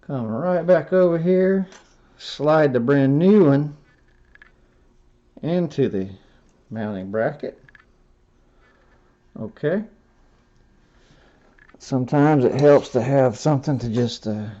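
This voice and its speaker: Folksy man talking through a hands-on build, slow and mellow, dull lo-fi sound. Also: mid-range voice. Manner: folksy, self-talking, stops and corrects himself. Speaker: robotics build instructor. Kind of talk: hands-on build tutorial narration.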